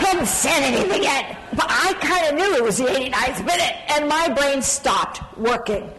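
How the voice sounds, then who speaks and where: A middle-aged woman telling a self-mocking story on a panel, animated and laughing through it. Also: high-pitched, unhurried. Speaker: panel speaker. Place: large conference hall. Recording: hall reverb, faint background noise.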